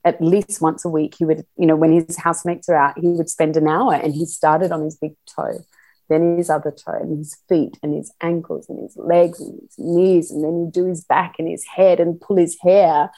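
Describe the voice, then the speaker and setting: A middle-aged woman chatting as a podcast guest, her voice sitting a little low. She talks in an animated way, laughs often and acts out quotes with bursts of energy. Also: normal speed. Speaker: podcast guest, sex educator. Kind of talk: casual interview chat.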